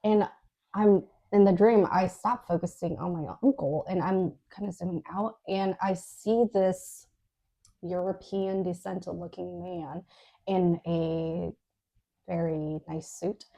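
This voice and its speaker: Woman podcast co-host, casual storytelling, husky, mellow tone. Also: fairly low pitch, fairly even intonation, slow. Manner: recounts a dream in a chatty way, full of "like" and fillers.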